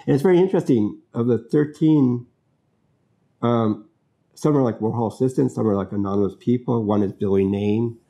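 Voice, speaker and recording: A man's voice: medium pitch, moderate pace, warm tone. A man hosting his own talk show, musing about films in a loose, rambling way with many fillers and restarts. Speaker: host.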